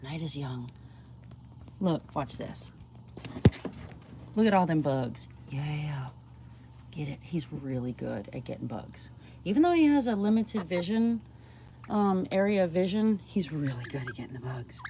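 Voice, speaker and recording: A woman vlogger livestreams outdoors at night while feeding her backyard chickens, chatting casually, cooing to the birds and sometimes dropping to a whisper. Her low, warm voice is very animated, with a measured pace and frequent pauses. Crickets and insects sound in the background, along with slight noise.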